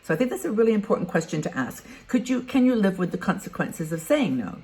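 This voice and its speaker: A woman in her sixties vlogs advice for retired women, speaking fast and very animatedly in a mid-range voice with a darkish tone. She's frank and conversational, thinking aloud as she goes.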